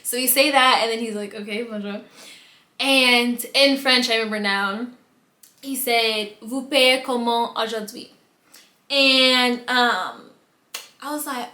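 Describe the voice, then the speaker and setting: An American woman with a fairly high voice talks at a normal speed in an echoey room. She's a vlogger sharing embarrassing stories in a casual storytime video, replaying her own reactions dramatically with big swings in her voice.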